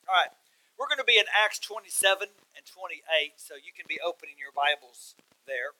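High bright Texan preacher. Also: male voice, expressive, a little fast, poor audio. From Texas. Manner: folksy, self-deprecating, builds to loud emphatic bursts. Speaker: guest preacher. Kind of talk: sermon.

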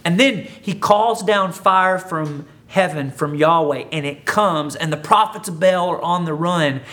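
A man delivering a sermon in a loose, talkative manner, joking his way through an old story before turning it toward everyday life. His voice sits a little higher than most men's. He sounds like he is chatting with the congregation rather than lecturing them. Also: measured pace, fairly bright tone. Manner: conversational, humorous storytelling. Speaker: pastor.

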